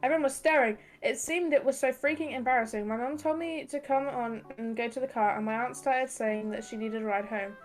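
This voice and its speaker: A young British woman with a slightly high voice hosts a stream over soft background music, reading posts aloud and chatting casually. She swears freely and a lot, speeding up when she gets excited.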